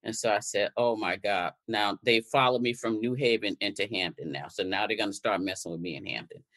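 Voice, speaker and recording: A woman's voice: a bass voice, brisk, fairly bright tone. An older woman from Connecticut, a guest and activist, telling her story in conversation and acting out the exchanges she quotes. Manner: recounting events, re-enacting exchanges in quotes.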